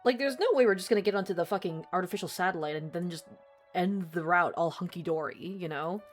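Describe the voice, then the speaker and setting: A woman's voice: lowish voice, quick pace, soft background music. A woman streaming a game live, chatting casually with a co-player, swearing often and laughing easily.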